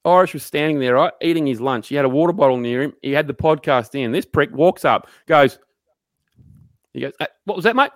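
A man's voice: mid-range voice, fairly quick, dry recording, clean studio sound. A young adult man with an Australian accent, telling workplace stories on a podcast, swearing freely and mimicking coworkers. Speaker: podcast co-host. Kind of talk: casual storytelling chat.

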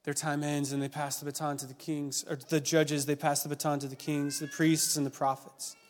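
A man preaching a sermon, retelling stories in an animated way that builds with excitement. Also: fairly high pitch, brisk. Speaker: pastor. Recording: long reverb of a church hall.

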